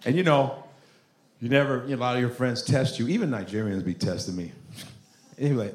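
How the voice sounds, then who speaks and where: A male stand-up comedian on a club stage, delivering a loud, animated, profane set. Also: mid-range voice, a little fast. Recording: roomy club with crowd laughter and noise.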